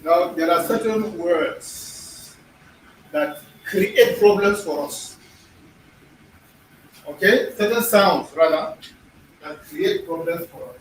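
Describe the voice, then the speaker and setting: A man's voice: sits high, slow, pauses often. A man teaching a language lesson in a classroom, repeating himself and often checking that the class is following. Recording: echoey room, distant mic, faint noise.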